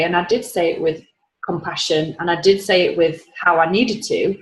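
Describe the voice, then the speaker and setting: A woman's voice: mid-range voice, normal speed. A woman on a coaching call, rambling as she retells conversations in quotes. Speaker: coaching client. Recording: echoey room.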